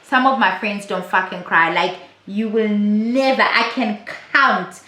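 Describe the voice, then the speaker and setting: A woman chats through a reality show recap in a loose, blunt way and swears freely. Her voice sits at an ordinary middle pitch. The recording has a noticeably roomy echo. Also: a little slow, pushed and bright. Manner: chatty, blunt and profane. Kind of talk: casual recap commentary.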